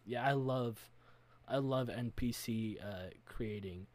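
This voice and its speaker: A man with a mid-range voice talks about his tabletop game in a casual podcast chat. He sounds earnest and works through his thoughts out loud. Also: mid-range voice, slow. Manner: earnest, thinking aloud. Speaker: game master, podcast co-host.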